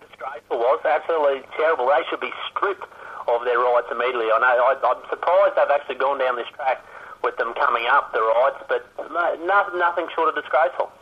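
Husky Australian co-host on a muffled line. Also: male voice, medium pitch, brisk. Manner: dry, blunt opinions. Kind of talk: casual sports chat. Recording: muffled remote phone line.

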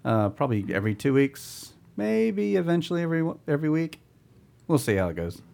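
A man hosting a casual podcast, reading listener emails and chatting with friends in a relaxed, easygoing way. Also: on the high side, fairly quick, vocal fry. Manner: relaxed, reads listener emails aloud, laughs easily. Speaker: podcast host.

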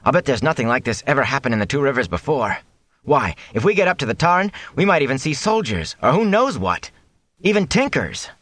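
A man reading an audiobook, voicing an eager, restless young village man who talks in an excited, pushy way. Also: mid-range voice, rapid-fire, hardly any pauses, no room sound, pitched above the performer's own voice. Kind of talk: audiobook character voice.

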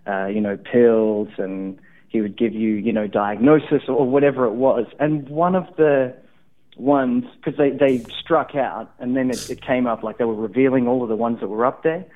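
A man's voice: medium pitch, fairly even intonation, normal speed. A man with an Australian accent, a remote guest telling a story in casual chat with rambling restarts. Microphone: remote call. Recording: tinny phone line.

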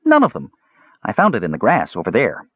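A man voicing a small, eager, curious male kender in a high, excited voice. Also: brisk, husky, dry recording, narrow, tinny audio, heavily acted. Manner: high, excited and wide-eyed. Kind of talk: audiobook character voice.

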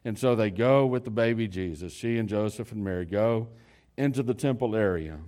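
A man preaching a sermon, retelling a story in a conversational way with fillers and restarts, moving between loud emphasis and quiet low lines. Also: fairly quick.

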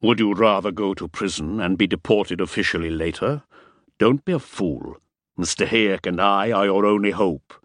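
A man voicing a nervous, sweating middle-aged fixer who gives clipped, urgent orders in a low, dry tone. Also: animated, moderate pace, no echo. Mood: impatient.

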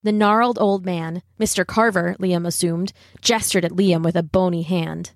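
A woman narrating a children's story aloud in a measured, gently expressive reading style. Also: on the low side, no room sound, studio quality. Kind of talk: audiobook narration.

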